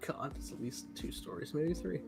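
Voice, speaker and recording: Higher-voiced man, joking and animated. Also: normal speed, creaky, soft background music. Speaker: podcast host. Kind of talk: casual chat.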